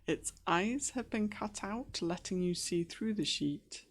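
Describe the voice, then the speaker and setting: Slow, gravelly woman game master. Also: mid-range voice, lively intonation, a little hiss or hum. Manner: hesitant, many fillers and restarts. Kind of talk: narrating a tabletop game.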